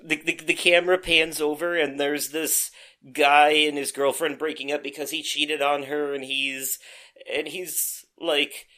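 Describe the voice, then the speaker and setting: A young man co-hosts a casual chat show. His voice is bright and sits a little high, and he tells stories with energy, acting out the quotes and swearing freely. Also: a little slow. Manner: animated storyteller, acts out quotes, swears freely. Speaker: podcast co-host.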